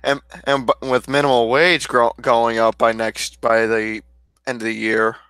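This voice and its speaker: Flat, glum male co-host. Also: medium pitch, a little slow, clear, resonant tone, no echo. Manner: glum, self-deprecating. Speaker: podcast co-host. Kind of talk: casual podcast banter.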